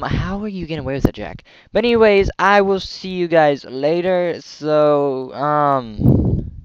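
A man's voice: fairly high pitch, clear, resonant tone, dry recording. A young man hosting a casual gameplay video, rambling and chatty with frequent giggles. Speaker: gaming channel host. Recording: dull lo-fi dry mic.

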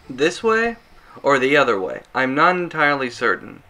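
A man's voice: medium pitch, big pitch swings, measured pace, sharp tone, soft background music. A man giving casual, rambling gameplay commentary, self-mocking and chuckling at his mistakes. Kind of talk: casual let's-play commentary.

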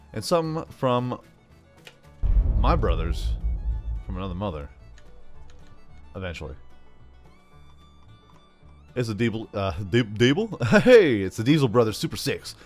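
A young man narrating his farming game in a goofy, hyper way. His pitch swings wildly, from loud yelps down to low mumbled asides. Faint music plays behind him. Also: lively intonation, moderate pace, long pauses. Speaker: gaming YouTuber. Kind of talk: goofy gameplay commentary.

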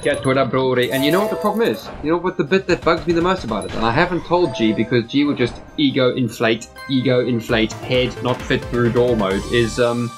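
A man's voice: mid-range voice, a little fast, hardly any pauses, over music. A man from the United Kingdom co-hosting a podcast, chatting casually in a rambling, joking way and swearing freely. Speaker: podcast co-host.

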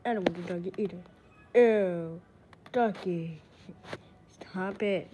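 A woman's voice: mid-range voice, slow pace, dark tone, a little hiss or hum. A woman giving silly, playful game commentary, giggling and repeating herself. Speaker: gaming channel host.

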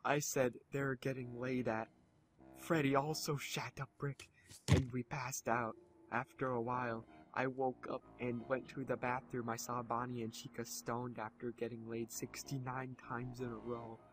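A young man co-hosting, reading out an absurd fan story aloud in a crude, deadpan way. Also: medium pitch, unhurried, slight background noise. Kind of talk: casual comedic dramatic reading.

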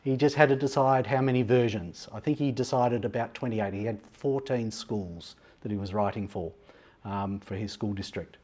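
A man giving a live software demo talk at a teachers' conference, talking conversationally with frequent ums and frank asides. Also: on the low side, moderate pace. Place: conference session room.

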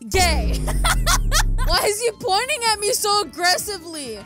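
Very high-pitched, excitable young woman. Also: measured pace, over loud music. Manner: excitable, laughs often, exclaims loudly. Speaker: reaction video host. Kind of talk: casual reaction commentary.

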